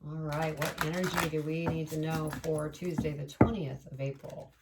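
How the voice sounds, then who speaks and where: A woman leads a relaxed tarot reading, wandering from thought to thought and speaking aloud to spirit between cards. Her voice sits low and has a gravelly edge. She is recorded from a distance, with a clear layer of background noise. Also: normal speed. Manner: chatty, meandering, addresses spirit aloud. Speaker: tarot reader. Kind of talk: casual tarot reading to camera.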